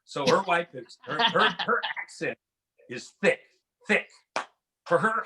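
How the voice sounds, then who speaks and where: A man with a high, bright voice performs a stand-up routine, lively and quick to mimic other people's voices and drawls. He sounds middle-aged. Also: a little hiss or hum, rough recording. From Washington State. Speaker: stand-up comedian.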